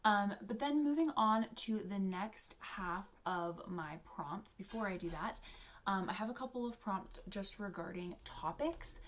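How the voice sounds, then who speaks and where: A young adult woman hosting a casual teaching vlog, soft-spoken and chatty, with many fillers as she explains poetry exercises. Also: mid-range voice, lively intonation, unhurried. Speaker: poetry channel host.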